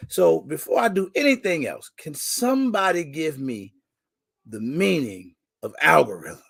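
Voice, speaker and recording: A man's voice: mid-range voice, gravelly. A young man hosting a casual live stream, greeting viewers by name in a slangy, joking, laid-back way. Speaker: livestream host.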